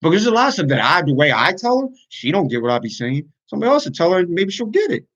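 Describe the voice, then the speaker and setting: Guy on a live stream venting, kinda high voice, muffled lo-fi audio. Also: big pitch swings, fast talker, fairly bright tone. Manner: earnest, venting frustration. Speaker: YouTuber and podcaster. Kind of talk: casual livestream talk.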